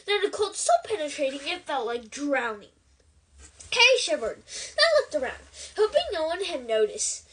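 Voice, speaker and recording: A woman reads a novel aloud in an expressive storytelling way. Her voice is high and very lively, climbing and dipping from phrase to phrase. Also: normal speed, rough recording. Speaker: book reader.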